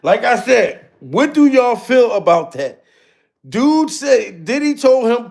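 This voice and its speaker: A man's voice: sits high, lively intonation, measured pace. A man hosting a casual livestream, chatting with viewers in slangy talk and laughing often. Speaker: livestream host reading chat.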